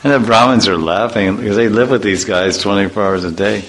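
Bright-voiced man telling playful stories. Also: lowish voice, a little fast, poor audio. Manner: chatty, playful storytelling, acts out voices. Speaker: devotional speaker. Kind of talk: informal religious talk with anecdotes.

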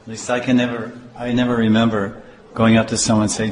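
A man's voice: mid-range voice, little pitch movement, a little hiss or hum. Man preaching in an echoey hall. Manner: slow, repetitive, acts out dialogue. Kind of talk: scripture class. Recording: echoey hall with faint ambience.

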